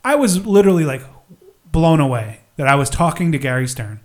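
Middle-aged male podcast host, rambling and self-mocking, slightly higher voice. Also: big pitch swings, brisk. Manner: rambling, filler-heavy, self-deprecating. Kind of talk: casual solo podcast talk.

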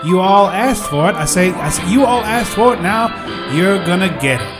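A man putting on a blustering southern cartoon rooster, repeating "I say" with a booming delivery. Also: expressive, moderate pace, over music. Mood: blustery.

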